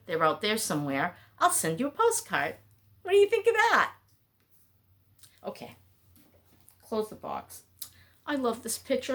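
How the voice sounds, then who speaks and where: A woman's voice: mid-range voice, fairly bright tone. A middle-aged woman talking to her camera at home, rambling and chatty. She wanders from thought to thought and interrupts herself as she goes. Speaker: vlogger. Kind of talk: casual talking-head chat.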